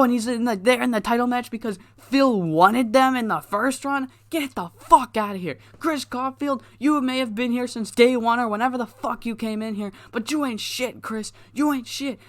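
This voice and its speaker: Guy doing a loud cocky wrestler ranting and swearing, voice way up high. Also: no echo. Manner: ranting, profane, boastful shouting. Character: brash male wrestler cutting an angry promo. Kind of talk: acted quote in game commentary.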